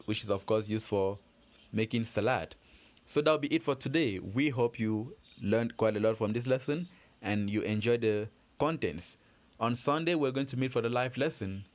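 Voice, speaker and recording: A man teaching a French pronunciation lesson, explaining step by step in a patient, methodical way and quizzing his learners as he goes. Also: on the low side. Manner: patient, methodical, asks learners questions and answers them.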